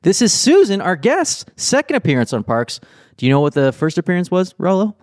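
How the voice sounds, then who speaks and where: A man co-hosting a podcast in casual chat, relaxed, with restarts, reading out episode facts. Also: sits high, brisk, dry recording, studio quality. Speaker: podcast co-host.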